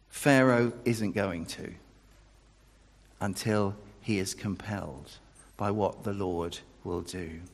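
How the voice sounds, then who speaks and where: Gravelly preacher in a reverberant hall. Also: male voice, mid-range voice. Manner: conversational, builds to emphatic declarations. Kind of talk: sermon.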